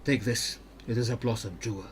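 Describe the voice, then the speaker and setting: A man voicing a calm, secretive male freedom fighter with a put-on foreign accent, held in one low, steady tone, as he reads game dialogue aloud. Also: fairly quick, a little hiss or hum, lightly acted. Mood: earnest.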